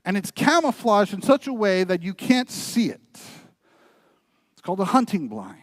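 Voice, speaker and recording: A man's voice: high voice, huge pitch swings, moderate pace, dry recording. A male pastor preaching a sermon, telling a story and urging his listeners earnestly. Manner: storytelling, building to earnest, quieter exhortation. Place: church.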